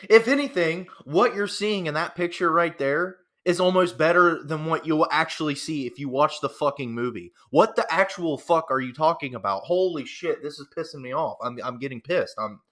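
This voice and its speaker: Pitched fairly high, with a pushed, bright delivery, a male commentator rages through a profane reaction rant. He repeats himself over and over, getting more worked up each time.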